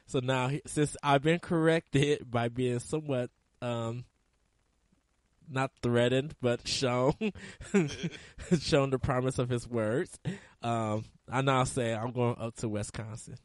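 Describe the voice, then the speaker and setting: A man's voice: medium pitch, fairly even intonation, takes it slowly, no echo. A man hosting a casual gaming podcast, rambling through side stories and laughing often. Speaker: podcast host.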